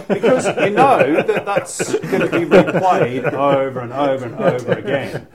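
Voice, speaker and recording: Over crowd noise, a middle-aged football commentator with a Mancunian English accent rambles through stories as a podcast guest, full of restarts and "you know." The chat is relaxed, and his slightly high voice moves at a measured pace.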